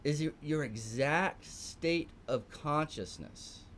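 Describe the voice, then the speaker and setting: A man's voice: on the high side, slow pace, fairly bright tone, a little hiss or hum. A middle-aged man with a Texan accent, teaching a live online morning art class, emphatic and repeating phrases for stress. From Texas.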